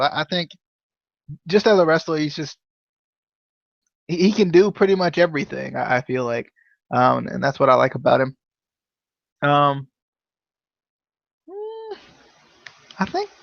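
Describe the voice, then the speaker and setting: A man's voice: high-pitched, fairly bright tone, no room sound. A man co-hosting a podcast in casual chat, rambling and indecisive, with many restarts. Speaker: podcast co-host. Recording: dull lo-fi dry sound.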